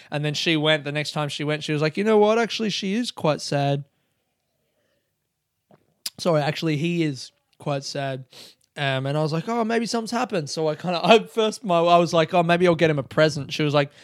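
A man's voice: on the high side, clean tone, dry recording, studio quality. A young man hosting a podcast, rambling, self-mocking and swearing often as he talks alone. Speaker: podcast host. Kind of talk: casual solo monologue.

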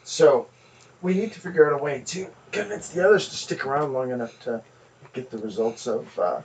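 A man's voice: mid-range voice, a little fast. Man playing a tabletop game, off-mic. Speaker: player. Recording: distant mic, noisy room.

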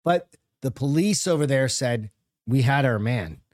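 A man's voice: medium pitch, expressive, unhurried, darkish tone, dry recording, clean studio sound. Profane rambling male podcast co-host. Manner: loose and profane, rambling storytelling. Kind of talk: casual chat.

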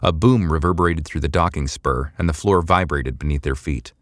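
A male narrator reading a sci-fi serial in a steady, measured way. His voice is extremely deep, and the recording is dry and close with no room sound. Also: dry recording. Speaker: audiobook narrator. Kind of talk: scripted audiobook narration.

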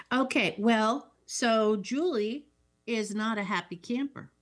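A woman's voice: fairly high pitch, takes it slowly. A woman co-host in a casual chat, walking through an old film scene by scene. She keeps it matter-of-fact, with dry little asides. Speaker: podcast co-host.

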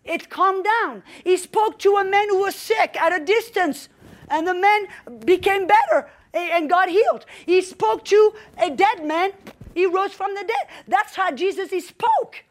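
A woman preaches with a very high, piercing voice. She speaks with fervour, drops in call-and-response "amens", and climbs into shouted exclamations at her peaks. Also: measured pace. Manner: fervent, builds to shouting exclamations; frequent "amen" and call-and-response. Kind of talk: sermon.

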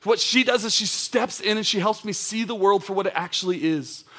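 Young adults pastor in his thirties, male, higher-pitched voice; casual, animated sermon delivery. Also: fairly quick. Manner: conversational, animated storyteller with casual asides.

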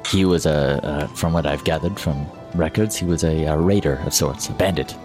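A man voicing a fussy male merchant who hires adventurers, hesitant and quick to agree. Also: extremely low pitch. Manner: hesitant, stammering, eager to agree. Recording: music playing behind.

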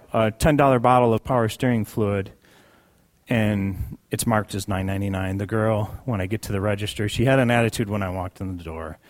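A man sharing a personal testimony in a sermon, conversational and emphatic, repeating key phrases for weight. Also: fairly low pitch. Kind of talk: sermon storytelling.

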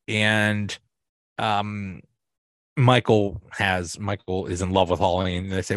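A man's voice: fairly low pitch, little pitch movement, unhurried, fairly bright tone, no echo, studio quality. A man hosting a podcast, recapping TV episodes in a casual, rambling way with lots of fillers and restarts. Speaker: podcast host.

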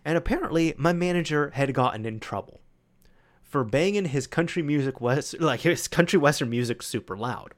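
A man's voice: a little high, lively intonation, moderate pace. A young man hosting a solo podcast, telling rambling stories in a chatty way, full of fillers. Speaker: podcast host. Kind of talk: solo casual storytelling.

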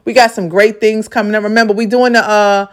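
A woman's voice: medium pitch, level tone, brisk. Emphatic, profane woman podcast host. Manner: emphatic, repetitive, profane, preacherly. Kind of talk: motivational monologue.

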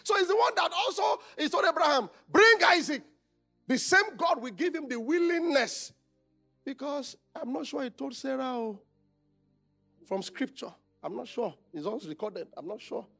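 A man's voice: very high-pitched, lively intonation, moderate pace, vocal fry, faint music behind. A Nigerian male pastor preaching a conference sermon, calling out questions for the congregation to answer. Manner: call-and-response, shouting questions.

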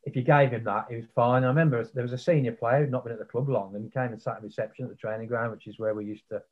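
A man's voice: medium pitch, steady tone, rapid-fire, narrow, tinny audio. A man guesting on a podcast, reminiscing in casual chat and often tagging on questions like "wasn't he?". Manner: reminiscing, leaning on tag questions.

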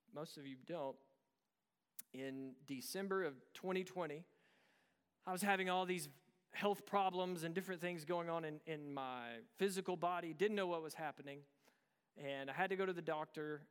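A pastor preaches to his church during a service, speaking earnestly and conversationally before rising to intense swells. His voice is a little high, clear and resonant.

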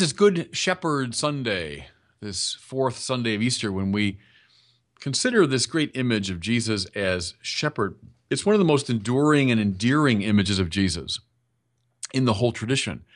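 A man's voice: mid-range voice, sing-song, moderate pace. An older man preaching a Sunday sermon in a conversational, emphatic way, often calling to his listeners. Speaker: bishop preaching.

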